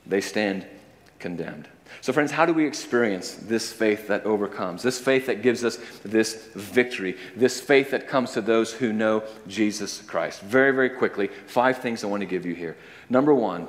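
A man preaching a sermon as pastor, impassioned, climbing to high emphatic peaks and dropping to low, quiet lines. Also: big-room sound.

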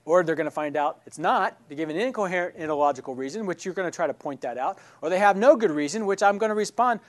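A man's voice: sits high, expressive, fast, few pauses. Man teaching, checking in with "right?". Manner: asks questions and checks in with "right?". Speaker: Bible class teacher. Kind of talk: classroom teaching.

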